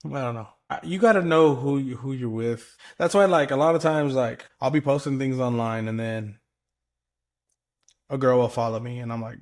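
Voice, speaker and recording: A man's voice: mid-range voice, steady tone, normal speed. A man co-hosting a podcast in casual chat, rambling and loose, swearing freely and filling his talk with "like" and "you know what I mean.". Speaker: podcast co-host.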